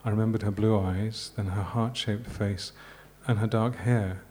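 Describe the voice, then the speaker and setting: A man from Yorkshire, an author reading his novel aloud at a live literary event in a measured, unhurried way. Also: fairly low pitch, steady tone, warm tone, a little hiss or hum. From Yorkshire, England.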